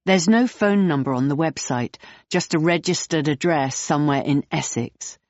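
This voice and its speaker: A woman narrating an audiobook in the third person, steady and clear. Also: low voice, moderate pace, no room sound, dull audio.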